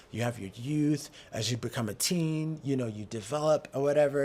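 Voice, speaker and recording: A man's voice: medium pitch, darkish tone. A man hosting a podcast in casual talk, earnest and stumbling over repeated words as he builds his points. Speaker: podcast host.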